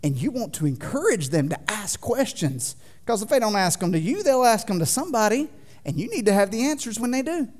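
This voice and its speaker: A man in his thirties preaching a sermon in a church, folksy and joking with the congregation, swinging from loud to quiet. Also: high-pitched, very animated, a little fast. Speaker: pastor. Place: church sanctuary.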